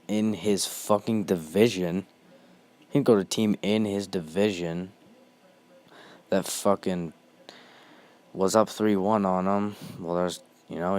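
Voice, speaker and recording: A man's voice: low-pitched, a little mellow. A young man hosting a ranting monologue, heated and blunt, swearing constantly.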